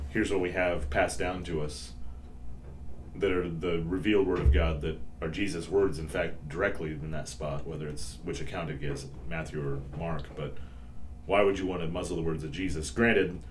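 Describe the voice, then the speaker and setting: A man co-hosting a faith podcast, speaking in a measured, teacherly way. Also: low-pitched, slight background noise. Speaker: pastor, co-host. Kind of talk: casual chat.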